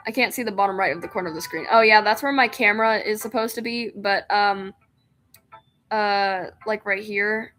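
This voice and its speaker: A woman streamer chats casually with her viewers between bits of gameplay. She is laid-back and quick to laugh at her own mistakes, speaking at an ordinary middle pitch. Faint music runs quietly in the background. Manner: laughing, self-deprecating, chatty.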